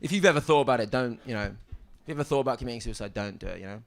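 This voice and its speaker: A young man doing a stand-up set on a club stage, with a halting deadpan delivery full of ums and restarts. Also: medium pitch. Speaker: stand-up comedian. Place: comedy club stage with audience. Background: audience laughter.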